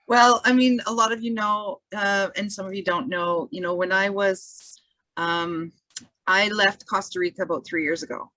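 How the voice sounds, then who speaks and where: A woman's voice: mid-range voice, steady tone, normal speed, sharp tone, no room sound. A Canadian woman sharing a heartfelt personal testimonial on a video call, rambling with many restarts. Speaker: community member giving testimonial.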